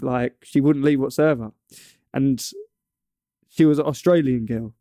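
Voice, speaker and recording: A man's voice: medium pitch, a little slow, dark tone, dry recording, clean studio sound. A young man from England in casual chat, telling a long story with many stumbles and restarts. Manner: rambling, stumbles and restarts often.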